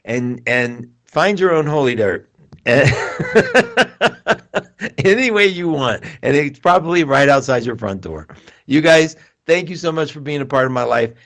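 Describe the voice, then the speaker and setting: A male host telling a rambling travel story to his viewers, animated and self-mocking, tossing in quick asides. His voice sits at a middle pitch and is picked up on a close studio mic. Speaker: astrologer and show host. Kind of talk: casual storytelling to a live audience.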